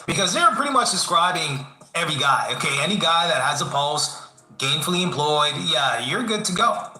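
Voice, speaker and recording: A man's voice: on the high side, sing-song, normal speed, pushed and bright, echoey room. A man doing wry reaction commentary and chuckling, in a clip played back during a stream.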